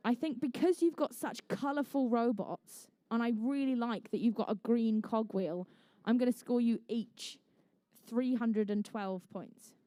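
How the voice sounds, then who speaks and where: Refereeing and providing live match commentary indoors, a young English woman keeps up a playful, chatty stream of jokey asides. Her voice is high and bright, above the typical female range, captured close-up and dry with no echo.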